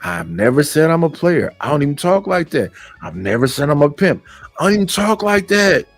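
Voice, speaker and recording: A man's voice: on the high side, very animated, fairly quick, no echo, faint music behind. A man in his fifties from Oakland, California, ranting bluntly in casual stream commentary and quoting others mockingly. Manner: blunt, rambling, quotes others in put-on voices.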